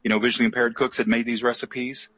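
Husky, joking male podcast host. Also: mid-range voice, level tone, fast, a bit bright, highs cut off. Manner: joking, chatty, storytelling. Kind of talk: casual chat.

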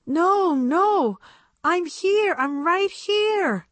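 A woman's voice: very high voice, expressive, extremely slow, a bit bright, no room sound, voice pushed up, full character voice. A woman voicing an eccentric, fussy older female doll who loves bugs, in a chirpy, breathless storybook voice. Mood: eager.

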